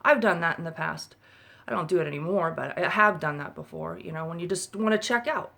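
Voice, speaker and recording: A woman's voice: fairly low pitch, a little fast, creaky, bright, forceful tone. A woman speaking as the mother of an autistic child, giving blunt, emphatic advice to other parents in a rambling monologue with casual swearing, recorded in a room at home.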